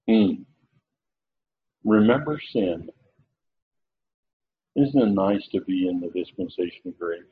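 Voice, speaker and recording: Low-voiced male preacher, tinny recording. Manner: slow, emphatic, repeats key phrases. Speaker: Bible teacher. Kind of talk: sermon teaching.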